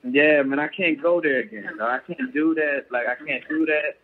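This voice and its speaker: A husky-voiced man talks earnestly as a guest, often asking whether he is understood. His voice sits a bit high and comes through a tinny phone line. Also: normal speed. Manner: earnest, keeps asking "you get what I'm saying". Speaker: professional boxer, guest. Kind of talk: casual chat.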